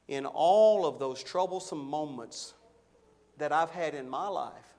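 Slow, high-voiced preaching man. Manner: emphatic, slows and swells on key words. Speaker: pastor. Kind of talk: sermon.

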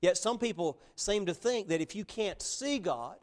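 Male preacher, higher voice, sermon delivery, plain and earnest, emphatic slow stresses. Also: animated.

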